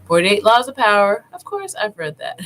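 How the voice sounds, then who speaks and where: A woman vlogger talking casually as she browses online, thinking aloud with many pauses and fillers, and speaking directly to her viewers. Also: mid-range voice, sing-song, a bit bright, a little hiss or hum, rough recording. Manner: addresses viewers informally.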